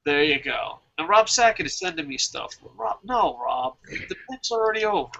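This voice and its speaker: A man's voice: high voice, lively intonation, normal speed, gravelly, bright, forceful tone, lo-fi sound. A man hosting a fantasy wrestling draft show, talking in a casual, profane way and laughing at his own jokes.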